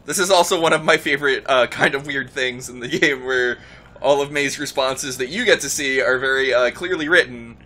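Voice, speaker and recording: A man's voice: mid-range voice, fairly quick, sharp tone. A young man playing through a game and chatting casually, with easygoing, wry asides. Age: young adult. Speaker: let's player. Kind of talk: casual gaming banter.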